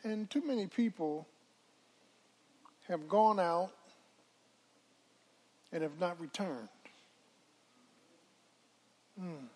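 An older woman preaching a sermon, telling folksy stories and calling out to the congregation, dropping to hushed asides and rising to shouts. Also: lowish voice. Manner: dramatic swings from hushed asides to shouted exclamations; folksy storytelling with call-and-response to the congregation.

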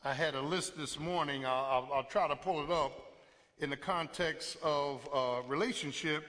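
A man preaching a live sermon in a church, animated and emphatic, drawing responses from the congregation. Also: fairly high pitch, moderate pace. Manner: animated preaching, call-and-response, sudden loud bursts. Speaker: pastor. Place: church sanctuary. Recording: live sermon audio in a reverberant hall.

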